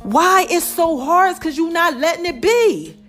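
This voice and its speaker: A woman hosting her own online show, talking casually and warmly to her viewers, calling them "baby" and repeating phrases to drive her point home. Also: very high voice, expressive, moderate pace, soft background music. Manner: affectionate, calls listeners "baby" and "y'all"; preachy, repeats phrases for emphasis. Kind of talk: casual motivational talk to viewers.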